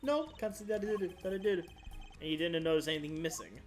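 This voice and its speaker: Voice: medium pitch, fast talker, close to an everyday voice. A smug, syrupy female warden from a video game, read aloud by a streamer purrs her denials and brushes off every accusation. Each sentence drips with false sweetness and pet names. Faint game music hums in the background. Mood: sugary, dismissive. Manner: sugary, patronizing, calls others darling and sweetie. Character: flirty, condescending female prison warden. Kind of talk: reading a video game's dialogue aloud on stream.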